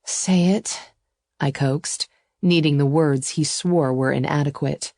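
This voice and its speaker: A woman narrating a first-person romance audiobook in an even, intimate storytelling voice. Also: low-pitched, unhurried, gravelly, dry recording, studio quality.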